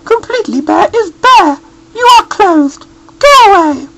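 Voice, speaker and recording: A man doing a shrill, shouting mother bear. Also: animated, a little slow, gravelly, heavy background noise, full character voice. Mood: indignant. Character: stern mother bear shooing strangers away.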